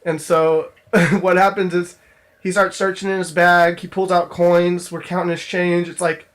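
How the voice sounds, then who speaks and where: A man's voice: high voice, level tone, measured pace, fairly bright tone. A young man casually telling a story from his job in a vlog, rambling with lots of fillers and restarts. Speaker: store clerk telling a work story.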